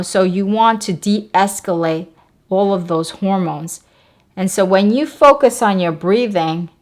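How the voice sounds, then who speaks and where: A woman with a slightly low voice guides the listener through self-help steps. She speaks calmly and steadily, like a teacher, and repeats her key phrases so they sink in. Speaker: wellness channel host. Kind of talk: self-help talk to camera.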